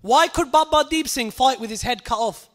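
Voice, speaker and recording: A man giving an animated storytelling sermon, repeating phrases and acting out voices. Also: extremely high pitch, moderate pace. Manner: animated, repetitive, acts out voices. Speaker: Sikh preacher.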